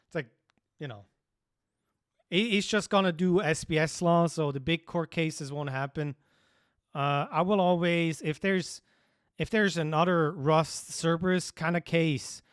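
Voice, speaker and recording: A young man talks casually on a livestream, thinking out loud and chuckling at his own ideas. His voice is smooth and resonant, a touch higher than most men's. The sound is dry and close. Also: measured pace, dry recording. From Switzerland. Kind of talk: casual stream chat.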